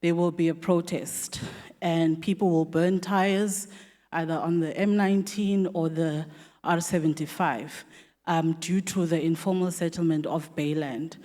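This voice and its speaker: A woman's voice: sits low, steady tone, a little slow, dark tone. South African woman speaking in a reverberant hall. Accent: South African English. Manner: conversational, many ums and restarts. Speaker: newspaper assistant editor thanking panel. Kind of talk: public vote of thanks and remarks. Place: hall at a community dialogue event. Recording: long reverb of a venue hall.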